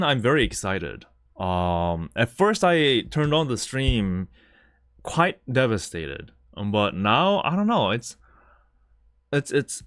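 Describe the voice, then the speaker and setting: A man talks through a live stream reaction with a lively, swinging pitch. He stammers and repeats himself as the feelings catch up with him. The mic is close and the sound is dry. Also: clean tone, no room sound. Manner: emotional, stammering, repeats words.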